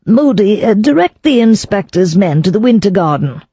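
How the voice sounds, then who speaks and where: Worried elderly gentleman, soft-spoken, dull dry recording, narrator's voice. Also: medium pitch, sing-song, slightly rough, no echo, pitched above the performer's own voice. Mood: anxious. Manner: gentle, hesitant, slow. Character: anxious, kindly elderly baronet.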